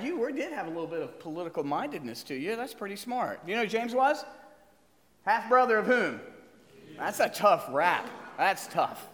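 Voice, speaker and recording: Animated male pastor preaching in a hall. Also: high-pitched. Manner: animated, asks the congregation questions. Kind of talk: sermon.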